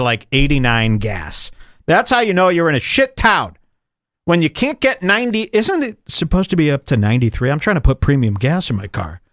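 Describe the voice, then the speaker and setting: A man's voice: a little high, a bit bright, no room sound, clean studio sound. A man hosting a podcast, telling rambling, sarcastic stories in a casual comedic chat. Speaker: podcast host.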